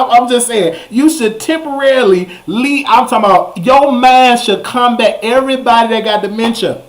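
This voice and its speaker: A young man hosting a talk show, telling a story in a comic rant that jumps up into high exclamations. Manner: animated, jumps to high exclamations, repeats himself. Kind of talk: comedic ranting storytelling.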